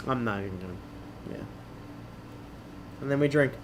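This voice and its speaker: A middle-aged man streams himself reading an adventure book aloud, tossing in wisecracking, self-mocking asides. His voice is medium-pitched at a normal speed, with some background noise.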